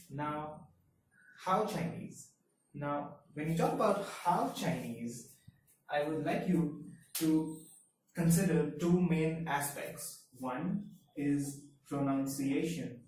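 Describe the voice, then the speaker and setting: A man whose first language is Hindi, teaching a Mandarin lesson in a measured, step-by-step way. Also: fairly high pitch, animated, a little mellow. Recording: very echoey room, mic far off, faint hiss.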